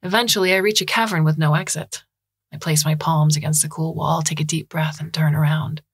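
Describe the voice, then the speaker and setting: A woman reading a science fiction story aloud as podcast narrator, in a measured, even manner. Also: sits low, slightly rough, no echo, studio quality. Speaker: audiobook narrator.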